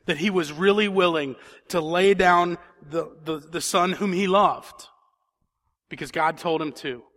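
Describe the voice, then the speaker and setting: A man's voice: fairly high pitch, a little slow, a bit bright. A man preaching a sermon in a church, reading scripture and then building to emphatic questions. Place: church sanctuary.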